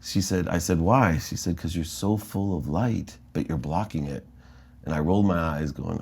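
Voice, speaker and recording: Deep-voiced American man telling a story. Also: normal speed, vocal fry, breathy edge. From United States. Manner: animated storyteller, acting out quoted dialogue. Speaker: interview guest. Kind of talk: storytelling in a podcast interview.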